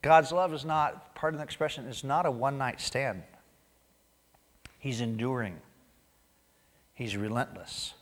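A man preaching a sermon as pastor, animated, acting out quoted voices and dropping to a near-whisper for emphasis. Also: medium pitch, a little slow, pauses often. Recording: long hall reverb.

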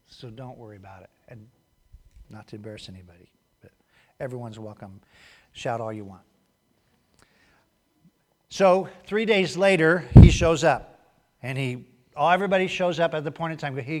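A man preaching a sermon in a church, acting out quotes loudly and then dropping to quiet asides. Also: fairly high pitch. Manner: animated, acts out quotes loudly, then drops to a hushed aside. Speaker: pastor.

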